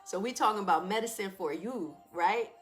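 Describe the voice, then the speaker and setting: Brief: woman host, familiar and preachy, laughs a lot, mid-pitched. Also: a little fast, soft background music. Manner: familiar and preachy, addresses listeners as y'all, laughs often. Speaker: wellness talk host. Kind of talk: live wellness talk to an audience.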